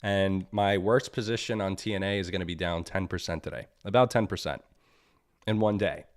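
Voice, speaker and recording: A man's voice: deep voice, moderate pace. A man hosting a live market analysis stream. He sounds annoyed, talks bluntly, repeats himself and keeps asking "right?". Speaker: trading stream host.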